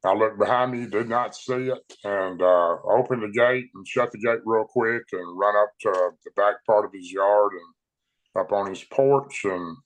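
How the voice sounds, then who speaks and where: A man recounting his own encounter in a plain, unhurried, folksy way. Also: on the low side, poor audio. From Tennessee, USA. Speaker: eyewitness storyteller. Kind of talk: personal account told aloud.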